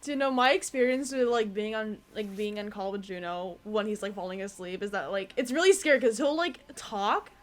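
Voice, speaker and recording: A young woman co-hosting a podcast in casual chat, giggly and halting with fillers. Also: mid-range voice, expressive. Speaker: podcast co-host.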